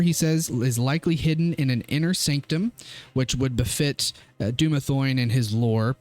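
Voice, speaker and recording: Easygoing male game master. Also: mid-range voice. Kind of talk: narrating a tabletop game session.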